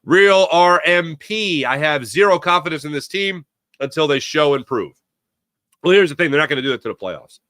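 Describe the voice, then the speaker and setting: A man hosting a live sports talk show, giving opinionated takes and answering viewer chat in an animated way. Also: on the high side, no echo, clean studio sound. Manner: opinionated, animated, quick asides to chatters.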